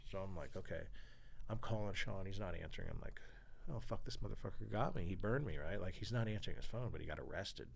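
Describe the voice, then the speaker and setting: A man in his forties from California, with a deep, creaky voice and a quick pace, tells a story as a guest in a podcast interview. He brings plenty of energy, acts out other people's lines, and swears freely.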